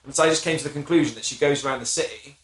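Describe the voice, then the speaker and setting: A man's voice: a little high, rapid-fire, reverberant, slight background noise, rough recording. A man co-hosting a podcast, rambling with lots of fillers as he tells a story in casual chat. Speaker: podcast co-host.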